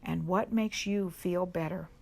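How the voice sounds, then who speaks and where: A woman reading a children's picture book aloud at a church service for kids, gentle and unhurried, pausing to put questions to the children. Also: lowish voice, fairly even intonation, creaky. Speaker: reader at a children's worship service.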